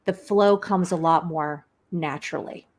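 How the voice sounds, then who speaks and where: An American woman who is a guest on an online show, explaining speaking skills in a quick, energetic way. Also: on the low side. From United States. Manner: quick, energetic, self-described fire hose. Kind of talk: conversational expert explanation.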